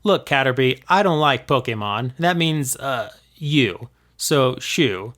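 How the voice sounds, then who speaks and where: A man's voice: medium pitch, takes it slowly. A man voicing a grumpy, disgusted teen boy. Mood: irritated. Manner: flat, disgusted, grumbling. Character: surly teenage boy who hates Pokemon.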